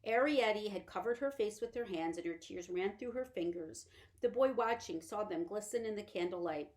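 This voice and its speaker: A woman's voice: medium pitch, moderate pace, a little mellow. A woman reading a children's novel aloud as a library storyteller. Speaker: librarian reader.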